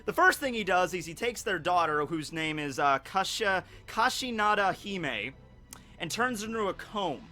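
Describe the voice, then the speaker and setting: A man hosting an anime theory video, retelling a myth in a chatty, animated storytelling style. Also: sits high, soft background music. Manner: chatty and animated, slips into quick character voices. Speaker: YouTube anime theory host. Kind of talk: casual storytelling commentary.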